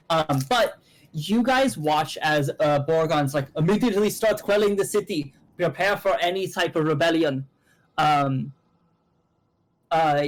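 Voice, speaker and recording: A young man narrating a tabletop game as game master on a stream, rambling with fillers and quick self-corrections. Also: on the high side, poor audio.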